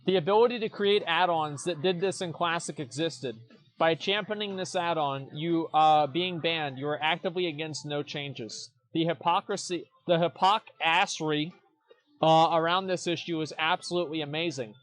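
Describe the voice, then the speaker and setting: A man's voice: on the high side, moderate pace. A young man streaming as he reacts to forum posts, blunt and mocking, cursing freely and restarting his sentences with repeated words. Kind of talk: casual commentary.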